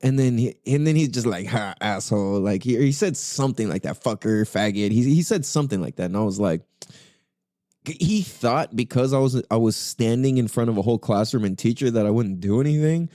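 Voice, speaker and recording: A man's voice: medium pitch, animated, a little fast, dark tone, no room sound, studio quality. A young man hosting a podcast, telling a story in casual, profane slang full of fillers. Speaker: podcast host.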